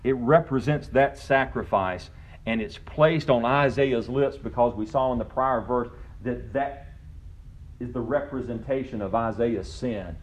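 A man's voice: mid-range voice, unhurried. A man pastor preaching a sermon, building to emphatic, rising passages.

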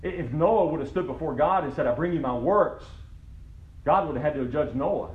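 A man's voice: on the high side, expressive, normal speed, phone-quality sound. A man pastor preaching a sermon, building to emphatic, rising passages.

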